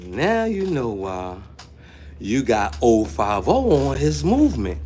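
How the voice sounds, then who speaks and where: A man's voice: mid-range voice, huge pitch swings, slow pace, a little mellow, a little hiss or hum. A man talking in streetwise slang while vlogging from his workplace on a handheld phone, jumping between topics. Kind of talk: casual vlog commentary. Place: his workplace, walking around.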